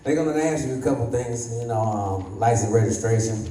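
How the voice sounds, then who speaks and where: A man's voice: medium pitch, fairly quick, dark tone. A man in his thirties doing a stand-up comedy set, acting out voices and laughing at his own jokes. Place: comedy club stage. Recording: echoey room, voice slightly distant.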